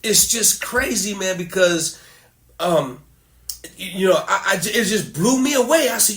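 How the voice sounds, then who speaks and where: High bright-voiced man telling animated stories. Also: measured pace. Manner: animated storyteller who laughs often. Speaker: podcast host and musician. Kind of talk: casual conversation. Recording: roomy echo.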